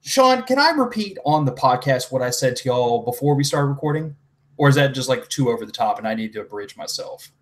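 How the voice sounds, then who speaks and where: A man's voice: mid-range voice, expressive, a little fast. A man speaking as a podcast guest in casual chat, blunt and crude in his jokes.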